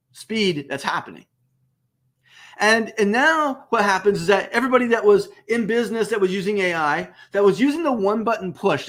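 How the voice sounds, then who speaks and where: Emphatic high-voiced man hosting. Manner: emphatic, repeats phrases, lively swings in pitch. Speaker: host. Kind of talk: enthusiastic business webcast talk.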